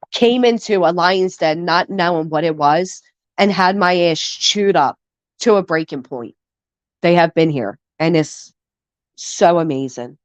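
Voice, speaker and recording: A woman's voice: lowish voice, no room sound. A woman in her thirties hosting a casual live stream while getting over the flu, chatting with her viewers. She talks candidly and curses freely, swinging between sappy gratitude and indignation. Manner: candid, emotional and profane, shifts quickly between sappy and indignant. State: recovering from the flu. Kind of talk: casual live-stream chat, reading and answering chat.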